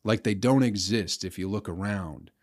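A man's voice: lowish voice, moderate pace, a little mellow. A man hosting a solo podcast, ranting in a profane, rambling and sardonic way. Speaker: podcast host.

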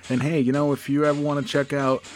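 A man's voice: on the high side, little pitch movement, fast talker, darkish tone, voice pushed up, natural voice. A man doing a chummy boastful aging funk singer.

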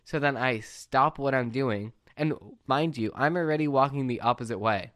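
A man's voice: medium pitch, normal speed, fairly bright tone. A late-teen man talking solo on a podcast, ranting with exasperation in a casual way. His voice sits in a middle range for a man. The sound is dry, with no room echo. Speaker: podcast host.

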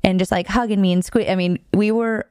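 A young woman co-hosting a podcast and telling a long personal story in an animated, quick way, often breaking into laughter. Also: medium pitch, clear, resonant tone, dry recording, studio quality. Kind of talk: casual storytelling chat.

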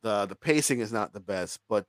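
Animated, profane man reviewing a film. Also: on the low side, normal speed, no room sound. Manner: animated, profane, laughs often. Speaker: podcast co-host reviewing a film. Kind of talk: casual film review chat.

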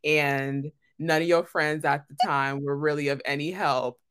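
A young woman with a fairly low voice talks casually with her best friend on a podcast. She teases bluntly and often jumps into sudden loud, excited bursts. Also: unhurried, clean tone. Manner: teasing, blunt, animated bursts. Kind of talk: casual chat.

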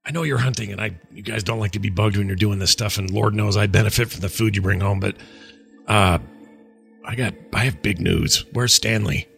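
A man's voice: fairly low pitch, brisk, creaky, fairly bright tone, soft background music. A man playing in a tabletop game, talking in a hesitant, rambling, nervous way. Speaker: player. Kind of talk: casual tabletop role-play.

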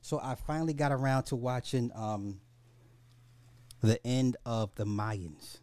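A man hosting a podcast in casual chat, animated and slangy, with lots of restarts and swearing. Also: mid-range voice, measured pace. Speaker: podcast host.

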